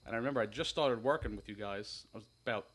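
A man's voice: lowish voice, fast, fairly bright tone. A man with a slightly nasal voice, co-hosting a casual podcast and telling a long rambling story between laughs. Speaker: podcast co-host. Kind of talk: casual banter.

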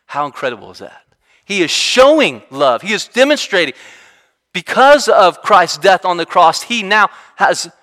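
A man preaching a sermon in an animated, conversational way, often restarting his sentences. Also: high voice. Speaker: pastor. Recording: reverberant hall sound.

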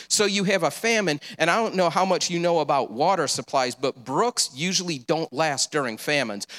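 A man's voice: a little high, a bit bright. A man preaching a sermon, earnest and encouraging, with casual asides.

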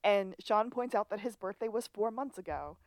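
A woman's voice: medium pitch, expressive, normal speed, gravelly, dry recording. A woman co-hosting a podcast, walking through the episode's plot in casual chat. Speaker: podcast co-host.

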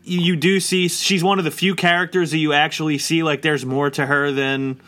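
Bright-voiced man rambling casually. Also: on the high side, flat delivery, normal speed. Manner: rambling, heavy use of "like" fillers. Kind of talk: casual chat.

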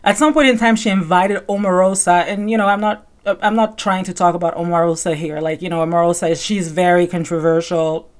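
A woman's voice: fairly low pitch, steady tone, fairly quick, few pauses. A woman hosting a podcast, giving rambling casual commentary full of fillers and self-corrections. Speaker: podcast host.

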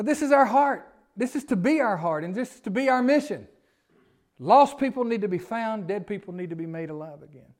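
A man preaching a sermon as pastor, folksy, often chuckling and asking the congregation questions. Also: fairly high pitch. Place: church sanctuary.

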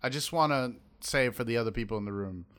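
A man's voice: medium pitch, quick pace, fairly bright tone, smooth. A man co-hosting a podcast, rambling through jokey stories in casual chat. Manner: joking, rambling storyteller. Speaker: podcast co-host.

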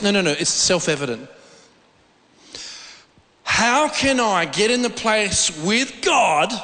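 Middle-aged male preacher, high and bright, informal, stumbles and restarts, echoing hall. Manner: informal, repeats words while searching for phrasing. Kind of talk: conversational sermon. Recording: long reverb of a large hall.

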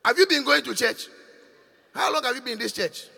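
A man's voice: very high voice, animated, fairly quick, creaky, bright, forceful tone. An older man, a bishop preaching to his congregation, questioning and scolding them in call-and-response. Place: large church hall. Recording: long reverb of a church hall.

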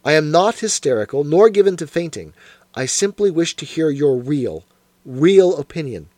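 A man's voice: on the high side, very animated, moderate pace, a little mellow, dry recording. A man reading a composed, earnest Victorian wife in an audiobook, speaking in an insistent, pleading way.

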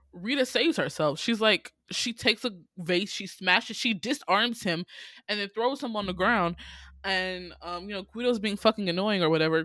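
A woman in casual chat recapping a movie, animated and profane and laughing often. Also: mid-range voice, dry recording, clean studio sound.

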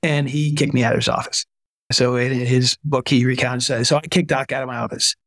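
Gravelly-voiced man telling stories. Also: mid-range voice, a little fast, no room sound, clean studio sound. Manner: animated storyteller, acts out quoted voices. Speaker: guest, retired army physician. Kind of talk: conversational storytelling interview.

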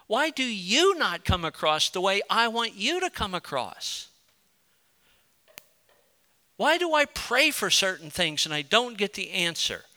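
Male pastor, middle-aged, bright smooth voice, impassioned sermon delivery. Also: high-pitched, very animated, normal speed, few pauses. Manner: impassioned pleading, then quiet storytelling.

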